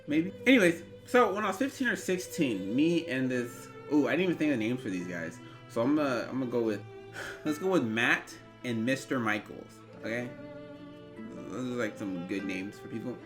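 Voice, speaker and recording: A man in his twenties telling an animated, rambling story in a storytime vlog. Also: mid-range voice, moderate pace, faint music behind. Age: 20s. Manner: animated, rambling, bursts into yelps. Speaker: vlogger.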